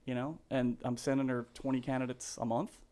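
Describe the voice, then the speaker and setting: A man's voice: medium pitch, little pitch movement, a little fast, dark tone. A man in his fifties, a realtor telling stories as a podcast guest in a rambling, laughing way with many fillers and restarts. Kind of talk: casual storytelling.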